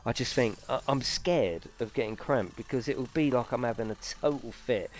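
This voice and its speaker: A man's voice: mid-range voice, moderate pace, slight background noise. A man hosting a live racing stream from his home rig, chatting casually with viewers, swearing and exaggerating as he talks.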